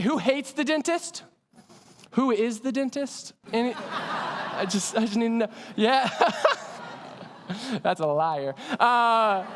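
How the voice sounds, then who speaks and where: A man preaching a sermon as pastor, telling lively stories and asking the audience questions. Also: sits high, a little hiss or hum. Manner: energetic storytelling with audience questions. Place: church hall. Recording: long hall reverb.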